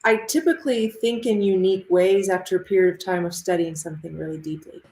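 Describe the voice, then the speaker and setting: A woman from Ohio who teaches mindful movement, answering interview questions over a video call in a measured, thoughtful way. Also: lowish voice, dark tone. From Ohio, United States. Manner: measured, thoughtful, with pauses and fillers. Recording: roomy echo.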